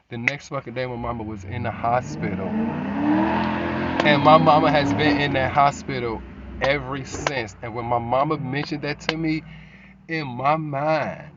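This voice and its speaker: A man's voice: mid-range voice, fairly bright tone, a little hiss or hum. A man telling an emotional personal story in a rambling way, with frequent restarts and slang. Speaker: vlogger. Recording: slightly dull lo-fi recording.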